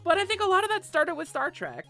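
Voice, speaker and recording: Woman, live streamer, lively swooping pitch, bright tone, casual chatty delivery, soft music underneath. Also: fast talker. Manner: animated, chatty, swears casually, laughs often. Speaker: Twitch streamer.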